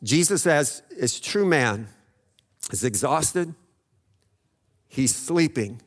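A man's voice: mid-range voice, lively intonation, slow pace, big-room sound. A man preaching a sermon, retelling a Bible story in a conversational way, often checking in with "okay?" and acting out the voices in it. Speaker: pastor.

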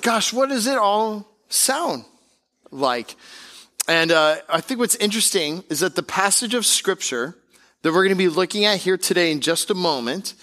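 A high-voiced man serving as pastor delivers a sermon at a church service, keeping it lively, conversational and full of jokes.

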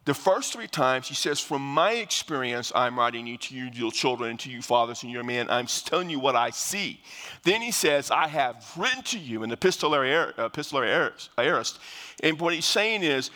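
An older male pastor with a bright, forceful voice teaches scripture in a relaxed, conversational sermon. He often restarts his phrases and leans on fillers as he explains. His voice carries with a long reverb, as from a large hall. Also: medium pitch, brisk.

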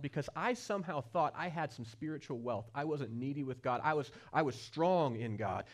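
Man, pastor, earnest sermon, direct questions, fairly high voice, swings between hushed and loud. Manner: asks the listeners direct questions.

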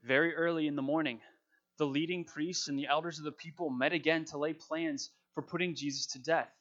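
A man's voice: on the high side, fairly even intonation, a little fast, a bit bright, dull audio. A man preaching, reading scripture dramatically and then talking it through in a casual, conversational way.

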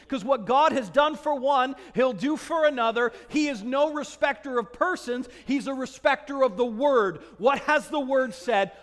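A man preaching a sermon, animated and acting out the voices of people in scripture passages. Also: extremely high pitch, long reverb tail. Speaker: pastor.

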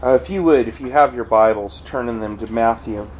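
A man preaching a sermon, earnest, often crying out quoted pleas loudly. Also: mid-range voice, fairly quick, slight background noise, poor audio. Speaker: pastor.

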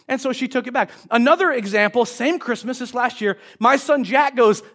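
A man in his forties preaching a sermon in a church, telling family stories in an animated way and acting out excited children in loud bursts. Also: very high voice, a little fast. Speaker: pastor.

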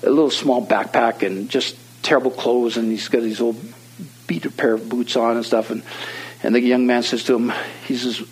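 A man's voice: medium pitch, steady tone, normal speed, breathy edge, rough recording. A man preaching a sermon in a loose, conversational storytelling manner that is full of fillers and restarts.

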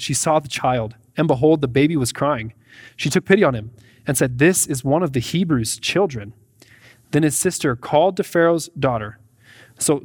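A pastor preaching a sermon, reading scripture aloud and then explaining it in a conversational way. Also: male voice, a little high, no echo, clean studio sound.

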